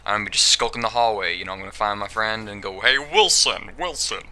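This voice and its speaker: A man's voice: on the low side, little pitch movement, very fast, sharp tone, a little hiss or hum. A young man giving casual, rambling gameplay commentary, joking and giggling as he goes. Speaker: gaming commentator.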